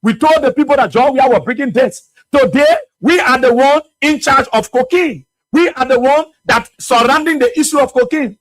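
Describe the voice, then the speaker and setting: A man with a Liberian English accent hosting a radio talk show, giving animated, mocking political commentary and laughing often. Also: very high-pitched, normal speed, no room sound.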